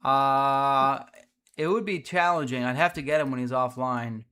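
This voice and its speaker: A man hosts a livestream of a mobile strategy game, casually discussing team builds and reading viewer messages aloud with easy filler words. His mid-range voice is pushed and bright, clear and resonant, with fairly even intonation at a measured pace.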